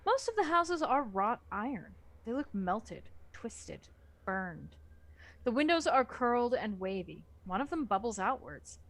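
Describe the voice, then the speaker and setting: Woman, book club reader, expressive narration, high-ish, lively intonation. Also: a little slow. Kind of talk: reading a novel aloud.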